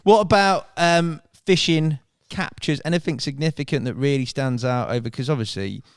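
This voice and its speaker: A man's voice: fairly high pitch, normal speed, clean tone, no room sound. Casting note: male podcast host, easygoing short replies, dry close recording. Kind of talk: casual interview chat.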